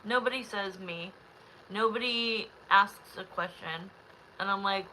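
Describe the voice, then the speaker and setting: A woman's voice: mid-range voice, a little slow, pushed and bright, a little hiss or hum, poor audio. A woman hosting a live tarot stream, chatting loosely with viewers in a rambling way, frustrated and close to tears. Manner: rambling, talks straight to the chat.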